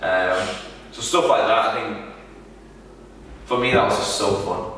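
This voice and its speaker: A man, a wrestler, answering interview questions in a halting, casual way with many restarts. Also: lowish voice, a bit bright, a little hiss or hum. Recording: echoey room from far off.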